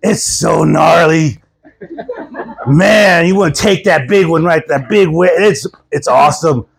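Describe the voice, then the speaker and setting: A man's voice: a little high, unhurried, creaky, breathy edge, heavily acted. A man voicing a laid-back older hippie surfer pastor who talks in drawling surfer-dude slang. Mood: excited, laid-back.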